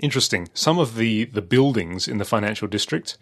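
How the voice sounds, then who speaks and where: Podcast co-host, Australian male, low-ish voice, loose and hesitant chat. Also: lively intonation, fairly quick, a bit bright. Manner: rambling, hesitant, with frequent fillers and restarts. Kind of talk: casual chat.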